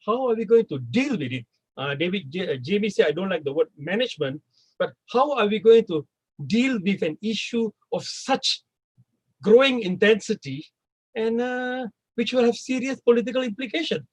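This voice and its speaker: A man speaking on a discussion panel, animated and full of questions, sometimes voicing imagined speakers. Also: high voice, moderate pace, low-quality recording. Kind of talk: discussion talk.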